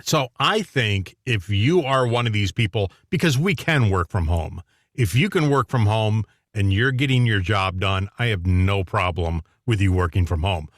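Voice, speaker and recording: A man co-hosting a casual radio talk show, opinionated and quick to chuckle. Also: on the low side, animated, dry recording, studio quality.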